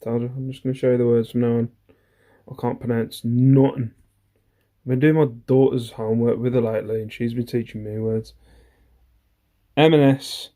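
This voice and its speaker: A man's voice: medium pitch, little pitch movement, moderate pace, pauses often, mellow. A man, chatting casually through an eBay reseller's haul video. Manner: chatty, rambling, self-deprecating, many ums.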